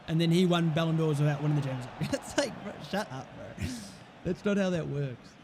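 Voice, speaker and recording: High-voiced young man, blunt and mocking. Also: quick pace, slight background noise. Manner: blunt, mocking, swears freely. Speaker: gaming streamer. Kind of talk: casual football game commentary.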